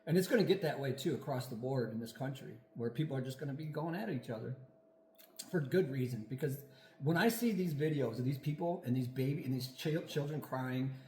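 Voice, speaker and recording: A man's voice: mid-range voice, expressive, brisk, a little mellow, echoey room, slight background noise. A man co-hosting a casual podcast chat, ranting angrily with lots of profanity. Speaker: podcast co-host.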